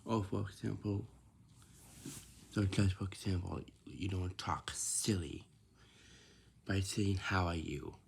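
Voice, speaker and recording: Low, gravelly man rambling slowly. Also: fairly even intonation, a little mellow, slight background noise. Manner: repetitive, restarts sentences often. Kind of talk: casual rambling chat.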